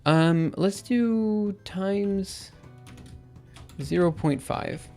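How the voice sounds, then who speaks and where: A man's voice: high voice, very slow, warm tone, faint music behind. Young man live coding, thinking aloud. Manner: thinks aloud with many fillers and self-corrections. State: losing his voice. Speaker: livestreaming programmer. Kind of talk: casual live coding commentary.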